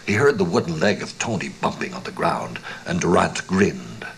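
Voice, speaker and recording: A male audiobook narrator with a deep, gravelly voice reading a western tale. His delivery is dramatic and lively in pitch, sinking into whispers, with a faint hiss under the recording. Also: moderate pace, low-quality recording. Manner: dramatic, dropping often to a whisper. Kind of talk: scripted narration of a western short story.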